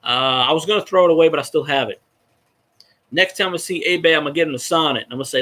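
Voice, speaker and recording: A man's voice: fairly high pitch, fast talker, pushed and bright. A man, a fan vlogger rambling and swearing as he chats with viewers on a casual livestream. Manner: rambling, profane, talks to viewers in chat.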